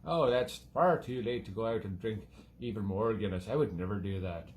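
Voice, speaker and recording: A man's voice: lowish voice, normal speed, darkish tone, slight background noise, voice pushed down, lightly acted. A Scottish man voicing a boozy, cheeky male leprechaun who hosts a music show, in an exaggerated put-on Irish lilt, rambling into nonsense. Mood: grumbling. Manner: rambling, jokey, drifting into nonsense. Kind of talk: comic character monologue.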